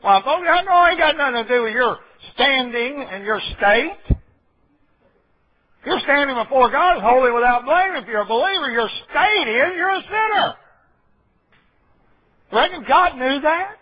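A man's voice: very high-pitched, lively intonation, normal speed, long pauses. A man preaching a folksy sermon, full of rambling asides and checks with his listeners. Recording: dull lo-fi recording.

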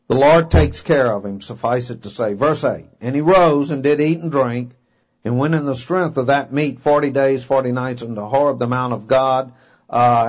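A man preaching a sermon in a folksy, emphatic way, reading scripture and acting out voices. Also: mid-range voice. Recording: dull lo-fi recording.

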